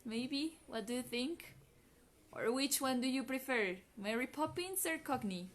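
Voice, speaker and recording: A woman with an American accent hosts a live online English class. She speaks slowly in a fairly high voice. She is chatty, laughs often and keeps asking her viewers questions. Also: expressive. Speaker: English teacher hosting.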